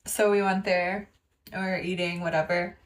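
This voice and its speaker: A woman's voice: on the low side, little pitch movement, moderate pace. A young woman from Canada hosting a livestream, telling a story with lots of giggling and thanking viewers between lines. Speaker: livestream host. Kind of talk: casual livestream chat.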